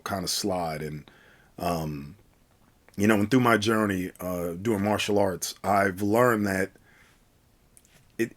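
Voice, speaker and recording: A man's voice: on the low side, fairly bright tone. Laid-back man telling a story. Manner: rambling, many fillers and restarts. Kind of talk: casual spoken anecdote.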